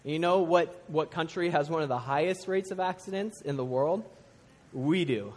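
Middle-aged guy preaching in a church, high-pitched voice, big echoey hall, goes from loud punchy lines to soft hushed stuff. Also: moderate pace. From United States. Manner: animated, swinging from loud emphasis to hushed intensity. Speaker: pastor. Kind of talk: sermon. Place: church sanctuary. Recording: long hall reverb.

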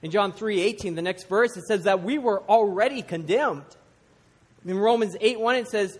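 A middle-aged man from the United States preaching a sermon to a church congregation, animated, swinging from loud emphasis to hushed intensity. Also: high voice, normal speed, slightly rough. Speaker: pastor. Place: church sanctuary. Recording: long hall reverb.

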